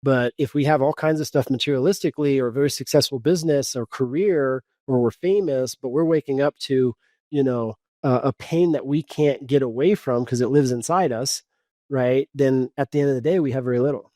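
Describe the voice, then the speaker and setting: A man's voice: medium pitch, fairly quick, warm tone, no room sound. A man in his forties from Kansas, a coach telling stories as a podcast guest in a loose, rambling way, full of "like" and "you know". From Kansas, USA. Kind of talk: casual podcast storytelling.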